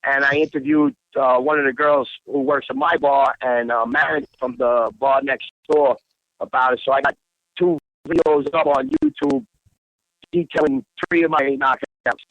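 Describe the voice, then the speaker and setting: A man's voice: mid-range voice, moderate pace, vocal fry, fairly bright tone, no echo. A man telling a rambling, profanity-laced story as a guest on a casual talk podcast. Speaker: guest, bar owner. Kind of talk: casual phone-in chat. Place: Bangkok, Thailand. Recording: dull lo-fi podcast audio.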